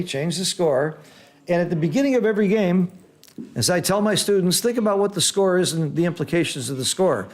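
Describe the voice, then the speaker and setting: Brief: man, game commentator, slightly high voice, excitable, teacher's patient explanations. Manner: excitable, exclaims loudly at big rolls, then explains calmly.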